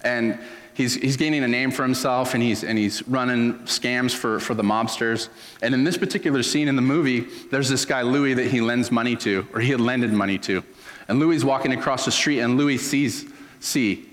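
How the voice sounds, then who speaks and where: A man's voice: mid-range voice, normal speed, a bit bright, in a large hall. A man preaching a sermon as a pastor, in an earnest, conversational storytelling manner.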